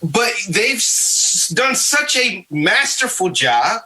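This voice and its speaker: This is a podcast panelist in relaxed conversation who speaks at an unhurried, deliberate pace. The voice is bright and clear-toned. Points get repeated for weight, with quick "okay?" check-ins between them. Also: medium pitch, rough recording. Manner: emphatic, repeats points for stress. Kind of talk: casual discussion.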